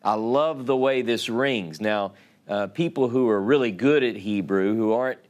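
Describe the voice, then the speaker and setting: A man's voice: fairly low pitch, normal speed. A man with a Louisiana Southern accent teaching a Sabbath Bible lesson, reading scripture aloud and explaining Hebrew words.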